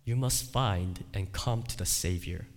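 A male pastor preaching a sermon, emphatic, repeating his phrases and swinging between loud cries and quiet asides. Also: low voice, a little slow. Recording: long hall reverb.

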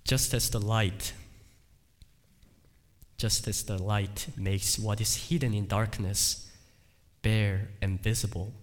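A male pastor preaching a sermon in an emphatic, deliberate way, with dramatic dips and swells. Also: fairly low pitch, fairly even intonation. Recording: long hall reverb.

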